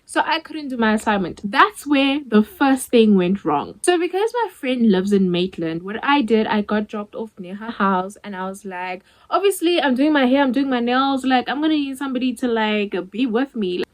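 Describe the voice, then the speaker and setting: A woman's voice: on the high side, moderate pace, few pauses, rough recording. Chatty South African woman telling a story. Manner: animated storytelling, acting out dialogue; chatty, many "like" fillers. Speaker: vlogger. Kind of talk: storytime vlog.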